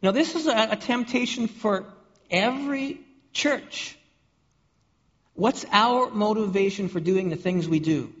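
A man's voice: high voice, expressive, unhurried, a bit bright. A man preaching a sermon to his congregation, often repeating and restarting words and asking the room questions. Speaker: pastor. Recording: dull audio with long hall reverb.

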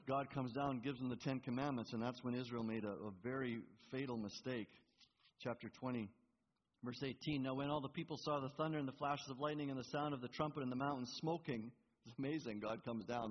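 This man is a pastor preaching in a church hall, earnest and stammering, repeating words to press his argument. He speaks fairly quickly at medium pitch with fairly even intonation. The hall recording is reverberant and muffled, with slight background noise.

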